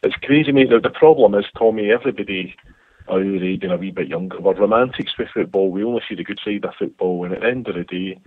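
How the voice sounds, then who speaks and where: A man's voice: fairly low pitch, quick pace, no room sound. A Scottish man calling in to a radio show, rambling passionately about football. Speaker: caller. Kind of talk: casual phone chat. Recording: tinny dry phone line.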